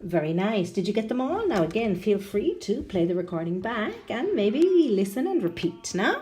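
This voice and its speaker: A woman teaching English pronunciation online. She often tags her sentences with a questioning "no?" and spells out and exaggerates sounds slowly for learners. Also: medium pitch, big pitch swings, dark tone. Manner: ends many sentences with a questioning "no?".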